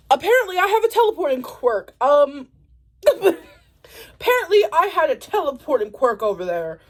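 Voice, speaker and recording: A woman's voice: high voice, big pitch swings, moderate pace. A young woman telling a story to camera in a casual, profane, laughing way. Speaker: vlogger.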